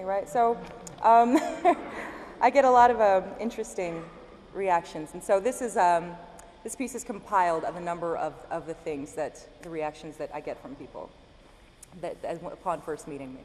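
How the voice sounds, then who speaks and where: A woman's voice: on the low side, moderate pace, darkish tone. A woman slam poet at a live spoken-word reading, chatting casually with the audience and reciting in driving, repeated lines. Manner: talks casually and jokingly with the audience between poems. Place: university event hall before a live audience. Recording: live hall recording with long reverb and faint room noise.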